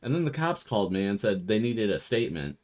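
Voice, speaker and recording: Speaking fast in a lowish voice, this young streamer tells a lengthy, profanity-laced tale during a let's play. He acts out the characters with animated voiced quotes while chatting casually.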